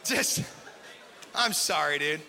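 A man with a fairly high, very bright voice preaches a lively sermon, joking and firing questions at the audience. His voice carries a long hall reverb. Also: slow pace, gravelly, a little hiss or hum. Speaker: preacher at a community gathering. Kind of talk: lively sermon with crowd interaction. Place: large hall with live audience.

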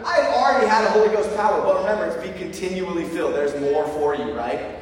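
Energetic preacher in echoey hall. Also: male voice, fairly high pitch, fast talker. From Lancaster County, Pennsylvania. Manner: energetic, storytelling with call-and-response. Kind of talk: sermon. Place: large hall with audience. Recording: echoey hall recorded from far off.

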